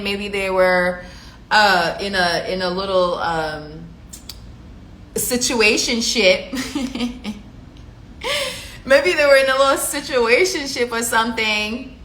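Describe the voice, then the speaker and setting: A woman's voice: on the high side, reverberant, a little hiss or hum, rough recording. A woman telling a story to her viewers in a casual, chatty way, acting out what each person said and filling gaps with "like" and "you know.". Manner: animated, chatty, full of fillers, acts out quotes.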